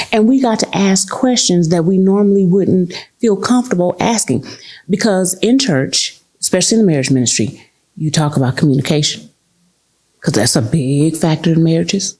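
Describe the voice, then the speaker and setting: A woman's voice: fairly low pitch, normal speed, breathy edge. A woman telling a story in casual chat, acting out the voices of the people in it. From United States. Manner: animated, acts out the voices in her story. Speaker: guest.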